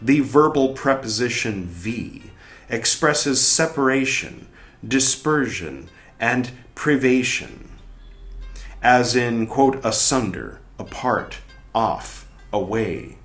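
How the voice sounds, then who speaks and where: A man reading a book aloud for a podcast, carefully and deliberately, now and then adding wry muttered asides. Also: medium pitch, expressive, a bit bright, faint music behind. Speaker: podcast reader. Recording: roomy echo.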